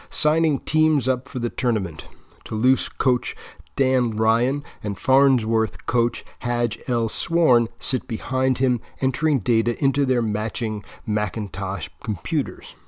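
A man's voice: medium pitch, no echo. Male narrator, dry close sound. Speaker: audiobook narrator. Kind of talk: scripted narration.

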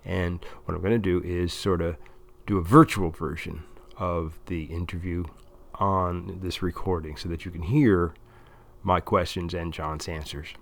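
A man's voice: deep voice, steady tone, measured pace, vocal fry. A man explaining a plan at length in a casual, rambling way with many restarts. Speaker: interviewer recording a monologue.

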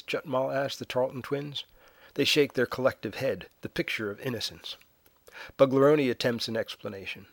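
A man's voice: mid-range voice, no echo. Dry-voiced male audiobook narrator. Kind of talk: scripted narration with character voices.

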